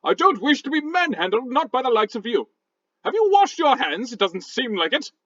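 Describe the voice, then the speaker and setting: A man's voice: very high voice, big pitch swings, normal speed, fairly bright tone, muffled recording, exaggerated voice. A man voicing a prissy, easily offended male rock that speaks in a posh British accent with stuffy, old-fashioned phrasing, in a tabletop game. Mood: indignant.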